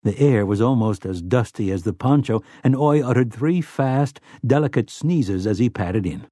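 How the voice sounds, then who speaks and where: A man narrating a novel aloud in a steady, brisk storytelling manner. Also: medium pitch, no room sound, clean studio sound. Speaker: audiobook narrator.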